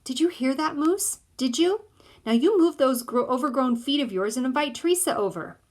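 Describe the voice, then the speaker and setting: A woman's voice: high voice, expressive, normal speed, voice pushed up. A woman voicing a mother who scolds and urges her son on. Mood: scolding, eager. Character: stern but hopeful mother.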